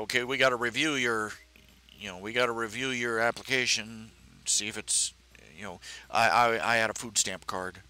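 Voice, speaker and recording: A middle-aged man hosting a live stream, talking casually and haltingly with many fillers and restarts. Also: lowish voice, bright, forceful tone, clear, resonant tone.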